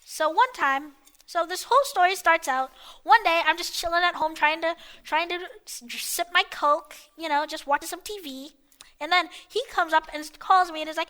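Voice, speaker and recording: A woman's voice: very high-pitched, moderate pace, sharp tone. A woman narrating a story in a chatty, exasperated, mocking way.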